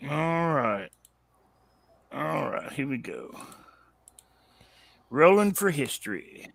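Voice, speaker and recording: A man's voice: fairly high pitch, very animated, takes it slowly, vocal fry, long pauses, a bit bright, slight background noise. A man playing a tabletop game, who stammers and jokes as he rolls dice. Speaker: player. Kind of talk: casual tabletop game play.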